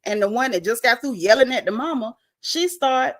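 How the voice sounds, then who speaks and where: On a casual livestream, a woman with a higher-pitched voice at normal speed recaps a reality show. Her voice swings animatedly as she tells the story, acts out the cast's lines, and reads viewer comments aloud.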